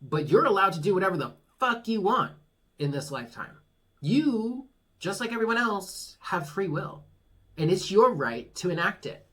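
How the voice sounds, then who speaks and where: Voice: medium pitch, very animated, normal speed, fairly bright tone, breathy edge. A tarot reader giving a casual monthly reading, talking frankly, swearing freely and reassuring the listener. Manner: laughs at own jokes.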